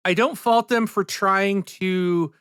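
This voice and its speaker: A man's voice: sits high, takes it slowly, a bit bright, clear, resonant tone, no room sound, studio quality. A man co-hosting a gaming podcast, ranting in a heated, indignant way during a casual chat. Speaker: podcast co-host.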